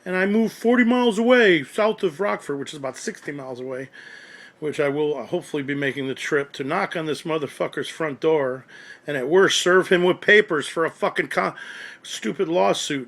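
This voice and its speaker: Speaking fairly quickly in a creaky, fairly bright voice that sits a little high, a man vents to a forum about a person who swindled him. This radio collector's angry rant runs long, profane and meandering.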